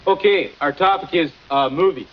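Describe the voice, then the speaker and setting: A man's voice: on the high side, normal speed, slight background noise, close to an everyday voice, low-quality recording. A man playing a dim, beer-loving Canadian brother with a Canadian accent, rambling folksily and tacking on "eh". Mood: goofy.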